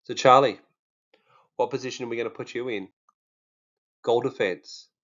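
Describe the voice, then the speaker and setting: A man's voice: medium pitch, moderate pace, a bit bright, dull audio. A man with an Australian accent, talking casually and jokingly to his viewers, with many fillers. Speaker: true crime vlogger. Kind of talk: casual monologue to camera.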